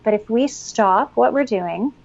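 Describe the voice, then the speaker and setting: Calm woman guest on a dull line. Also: on the high side, measured pace, vocal fry. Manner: calm and instructive, guides a breathing exercise. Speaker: guest expert on parenting. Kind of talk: explanatory interview talk.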